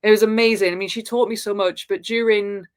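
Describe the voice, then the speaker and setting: A woman, a podcast guest, telling personal stories in an earnest, spiritual way with halting restarts and fillers. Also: mid-range voice, fairly even intonation, clear, resonant tone. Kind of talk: reflective personal storytelling.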